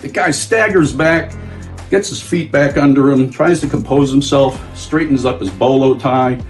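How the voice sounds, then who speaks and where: A man's voice: mid-range voice, normal speed, close to an everyday voice. A man voicing an easygoing, dimension-hopping male storyteller telling a comic anecdote. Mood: amused. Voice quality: easygoing, chatty storyteller, playful. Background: faint guitar music.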